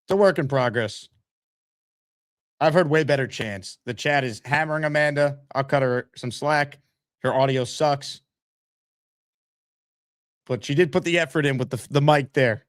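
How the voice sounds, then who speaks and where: A man's voice: mid-range voice, moderate pace, long pauses, no echo, studio quality. A man hosting a live sports talk stream, teasing his guest and reading chat messages. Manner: teasing, needling, brash. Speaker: host.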